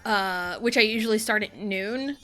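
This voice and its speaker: A young adult woman streaming a party game live, swearing freely and swinging from frustrated yelling to low muttering. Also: normal speed. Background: game music.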